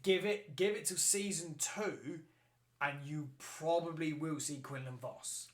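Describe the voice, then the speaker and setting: A man hosting a podcast in excitable casual chat, swearing freely and rambling. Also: a little high, a little slow, a crowd in the background. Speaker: podcast host.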